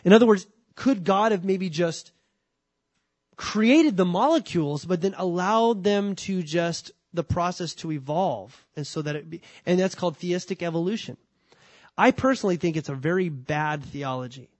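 A man's voice: fairly high pitch, moderate pace, dry recording. Man preaching a conversational sermon. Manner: conversational, dry humor, frequent restarts. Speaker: pastor. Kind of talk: sermon teaching on scripture.

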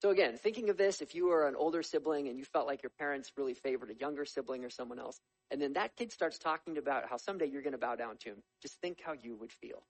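A man preaching a sermon as a lively storyteller, with humorous asides. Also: medium pitch, quick pace, hardly any pauses, poor audio. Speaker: pastor.

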